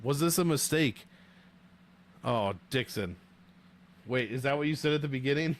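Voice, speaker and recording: A man's voice: medium pitch, normal speed. A young man hosting a casual livestream, joking and swearing as he banters with viewers from a home streaming setup on a desk mic. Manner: profane, joking, animated banter. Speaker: livestream host rating fighter nicknames.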